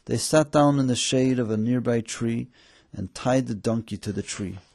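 A man tells a story in a mellow, darker voice with a gravelly edge. He reads in storybook style and lifts his pitch when the characters speak. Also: normal speed. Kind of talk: storybook narration.

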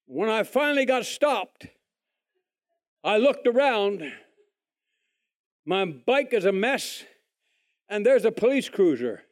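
A man telling his testimony in a folksy, animated way, acting out other people's lines. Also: sits high, slow, pauses often. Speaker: speaker giving a testimony. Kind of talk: testimony storytelling.

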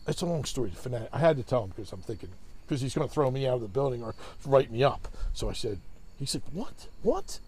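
A man's voice: mid-range voice, darkish tone, a little hiss or hum. A man, telling a long, rambling, profane story in casual chat and acting out other people's voices.

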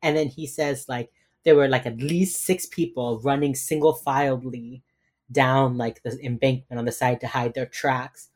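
A man's voice: medium pitch, steady tone, moderate pace. A man co-hosting a podcast, rambling through a casual recap of a TV episode with many fillers. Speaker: podcast co-host.

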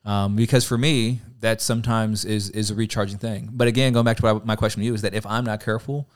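A man's voice: on the low side, steady tone, fast. A middle-aged man, a pastor co-hosting a podcast, talking in an earnest, rambling way and acting out bits of dialogue. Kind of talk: casual conversational podcast.

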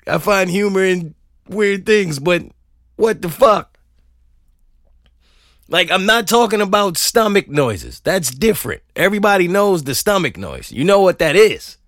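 A man on a podcast rants in a comedic way, his pitch sitting a little high and swinging widely as he goes. He laughs often and swears freely. The recording is close and dry, with no room sound. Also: lively intonation, takes it slowly, long pauses, a bit bright, no echo. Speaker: podcast host. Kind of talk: comedic rant.

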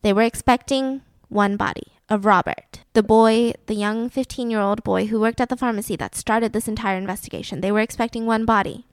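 A woman's voice: on the high side, steady tone, a little fast, few pauses, clear, resonant tone, dry recording. A young woman co-hosting a podcast, telling a true-crime story in a chatty way, full of "like". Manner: chatty, filler-heavy with "like". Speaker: podcast co-host.

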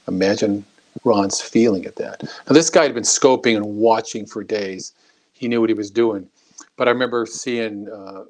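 A former congressman speaks as a guest in a talk interview. He tells anecdotes in a lively, chatty way, often restarting his sentences. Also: lowish voice. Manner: anecdotal, animated, frequent restarts. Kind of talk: interview storytelling.

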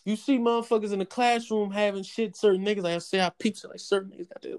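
A young man in casual chat telling a story in an animated, profane way. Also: fast. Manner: animated, profane storytelling with raised-pitch quotes.

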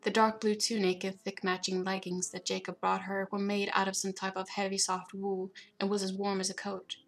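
A woman narrating a novel chapter in a steady, even reading voice. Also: medium pitch, moderate pace. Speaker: audiobook narrator. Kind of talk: storybook narration.

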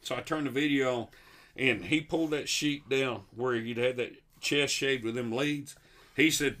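A man's voice: mid-range voice, normal speed, fairly bright tone. A man telling comic stories to his friends on a podcast, laughing as he goes. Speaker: comedy podcast host. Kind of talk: storytelling among friends.

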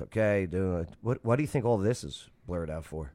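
A man co-hosting a casual chat, reacting to news stories in an animated, joking and sarcastic way. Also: low voice, moderate pace. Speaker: co-host.

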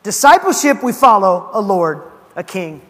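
A man preaching a sermon as a pastor. He retells the story casually and acts out the voices, swinging between loud emphasis and hushed asides. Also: high voice, sing-song, moderate pace. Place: church sanctuary. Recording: long hall reverb.

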